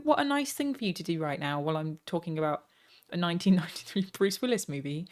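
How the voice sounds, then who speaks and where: A woman's voice: on the low side, lively intonation, a little fast. Woman streamer chatting live. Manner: gushing thanks to donors, casual swearing. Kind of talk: live stream chat and reaction.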